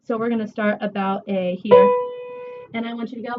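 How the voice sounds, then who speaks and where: A woman voice teacher giving a one-on-one singing lesson, chatty and encouraging, her voice a little rough from a recent cold. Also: mid-range voice, fairly even intonation, brisk, over loud music. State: recovering from a cold. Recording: distant, dull camera audio with faint hiss.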